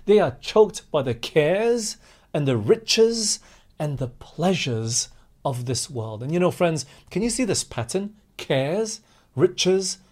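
A man whose voice sits on the high side with a darkish tone preaches a sermon. His emphasis rises and falls with passion as he addresses his listeners as friends.

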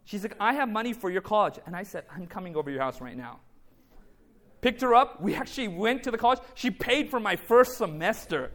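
A man's voice: high voice, animated, a little fast, fairly bright tone. A man preaching a testimony sermon, telling his story through reported dialogue and calling out to the congregation. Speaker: speaker giving a faith testimony.

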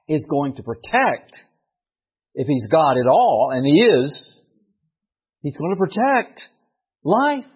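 A man preaching a sermon, his husky voice swinging up and down as he drives his points home. The recording sounds dull and lo-fi. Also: mid-range voice. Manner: animated preaching, rising to emphatic peaks. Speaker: pastor.

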